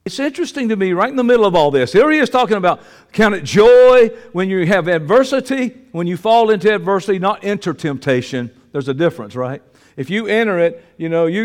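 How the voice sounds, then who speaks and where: A man's voice: high-pitched, long reverb tail. A man preaching a sermon with fervent emphasis, repeating phrases to drive points home. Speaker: pastor.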